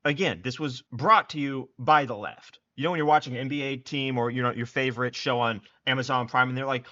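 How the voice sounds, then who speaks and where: A man's voice: mid-range voice, brisk, few pauses, sharp tone. A young man giving scornful, sarcastic political commentary. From United States. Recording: dull lo-fi recording.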